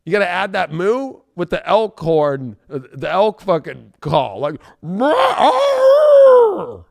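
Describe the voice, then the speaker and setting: A man giving a casual tarot reading, profane and joking, bursting into shouts and silly voices. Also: a little high, lively intonation, measured pace, creaky, no room sound. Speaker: tarot reader.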